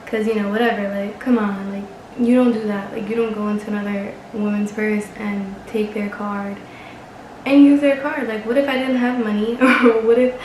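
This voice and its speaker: A woman's voice: mid-range voice, little pitch movement, moderate pace, a little mellow, roomy sound, slight background noise, low-quality recording. A young woman vlogger telling a casual story, chatty and exasperated, swearing and laughing often.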